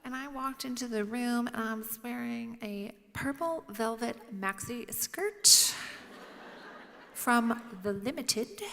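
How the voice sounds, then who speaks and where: In a lecture hall before an audience, a woman speaks slowly in a slightly high, creaky voice with a sharp tone. As the featured speaker she tells funny stories at her own expense, whispering the quoted lines, with noticeable hall reverb.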